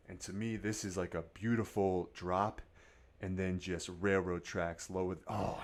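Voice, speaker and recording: Low-voiced man talking trading. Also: flat delivery, normal speed. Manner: swings from low mumbling to loud fired-up pep talk, swears. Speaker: day trader. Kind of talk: casual market commentary to camera.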